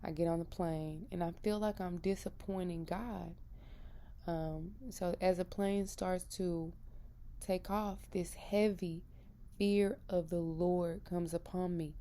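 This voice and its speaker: A woman's voice: fairly low pitch, fairly even intonation, takes it slowly, warm tone. A woman in her thirties giving an earnest, emphatic personal testimony about her faith. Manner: earnest and emphatic, retelling with feeling. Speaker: christian vlogger.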